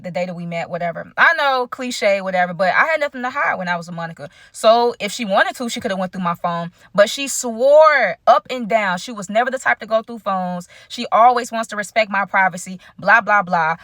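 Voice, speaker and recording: A woman vlogger telling a personal story to her viewers in a lively, slangy way, addressing them directly. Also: medium pitch, dry recording, clean studio sound. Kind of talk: storytime vlog.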